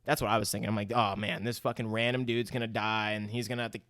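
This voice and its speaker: A man's voice: on the low side, little pitch movement, fast talker, a bit bright, no echo. A man co-hosting a casual movie podcast, talking in a laid-back way with plenty of swearing. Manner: laid-back, swears a lot, laughs along. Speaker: podcast co-host. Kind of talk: casual movie recap chat.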